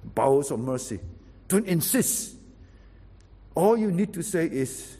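A man preaching a sermon, emphatic and animated, swinging from loud exhortation to quiet, intimate drops. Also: on the high side, a little slow, pauses often, breathy edge, big-room sound.

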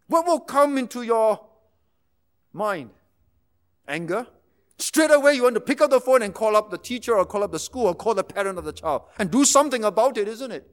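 A man preaching a sermon, moving between quiet explanation and impassioned, emphatic retellings, sometimes dropping almost to a hush. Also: sits high, animated, moderate pace. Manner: impassioned, rising to emphatic intensity then dropping to near-hushed tones.

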